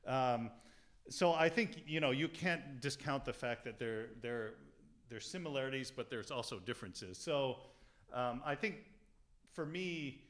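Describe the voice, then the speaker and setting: Casual piano teacher, man, mid pitch. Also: expressive, a bit bright. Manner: casual and halting, many fillers, sings phrases aloud. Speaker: piano teacher giving a lecture. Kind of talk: informal music lecture.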